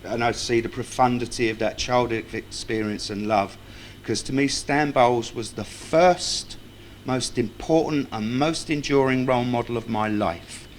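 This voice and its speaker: A man's voice: medium pitch, normal speed, slight background noise. A man speaking at a tribute evening, reciting a tribute poem and telling wry, self-mocking anecdotes to a live audience. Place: club function room with live audience.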